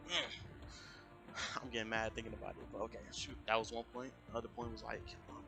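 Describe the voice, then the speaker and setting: A man telling a story in a casual, animated rant on a live stream, often jumping into raised voices to quote people. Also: mid-range voice, fairly quick, gravelly. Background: music.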